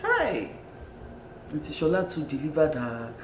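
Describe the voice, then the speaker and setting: A reviewer with a Nigerian accent gives a loose, animated take on a film and punctuates points with exclamations and repeated words. The voice sits at a middle pitch. It is recorded in an echoey room with a faint background hiss. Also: unhurried. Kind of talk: casual film review commentary.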